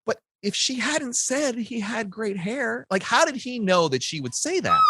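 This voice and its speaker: A man cohosting a podcast in casual chat, giving quick replies and thinking aloud with restarts. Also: extremely high pitch, very animated, heavy background noise.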